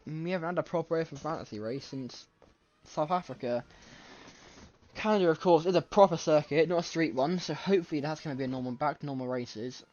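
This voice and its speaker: A man calls a race live from home late at night, excitable and quick to correct himself mid-sentence. His voice sits a little high and his throat is scratchy. The desk mic sounds slightly muffled and lo-fi. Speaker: race commentator. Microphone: desk microphone.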